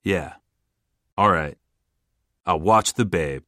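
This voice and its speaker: A man's voice: mid-range voice, animated, quick pace, a bit bright, no room sound, clean studio sound, close to an everyday voice. A man voicing Junior, a stubborn, earnest young ballplayer who talks stiffly and formally. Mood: grudging.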